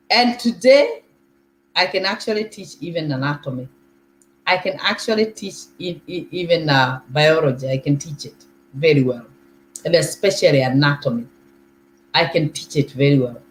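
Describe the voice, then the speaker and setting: A woman with a Kenyan accent hosting her own talk show, giving an emphatic, repetitive motivational monologue. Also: fairly low pitch. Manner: emphatic, repetitive self-affirming statements. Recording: echoey room with faint hum.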